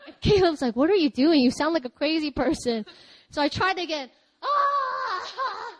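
A woman pastor giving a lively, chatty sermon, breaking into laughter and loud cries. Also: high-pitched, fairly quick, rough recording.

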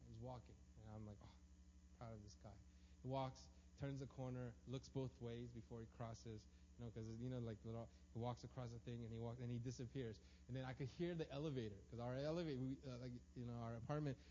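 A man in his thirties, a pastor, preaching a sermon in a chatty storytelling way and often asking "right?". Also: mid-range voice. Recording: long hall reverb, dull lo-fi sound, faint hum.

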